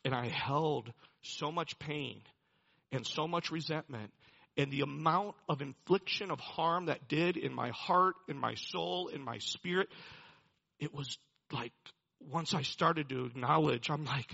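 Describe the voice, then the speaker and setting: Husky, bright-toned man preaching. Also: on the high side, a little slow, highs cut off. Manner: earnest, personal storytelling that swells to emphatic preaching. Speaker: pastor. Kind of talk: sermon.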